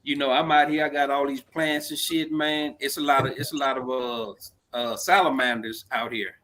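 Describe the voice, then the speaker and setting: A man's voice: mid-range voice, little pitch movement, moderate pace, fairly bright tone, a little hiss or hum. A man in a casual podcast chat, stammering on repeated words and talking with emphatic slang.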